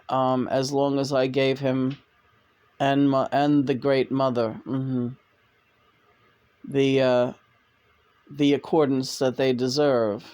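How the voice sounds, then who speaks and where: A man speaking as a departed male spirit in a slow, halting, solemn manner during a channeling talk. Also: mid-range voice, a little mellow, natural voice.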